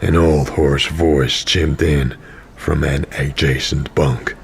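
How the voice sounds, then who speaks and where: A man's voice: rumbling low, steady tone, creaky, slight background noise, full character voice. A man narrating an audio drama as a tired, cynical wandering pilgrim. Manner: dry, tired, slow narration. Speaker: narrator and main character.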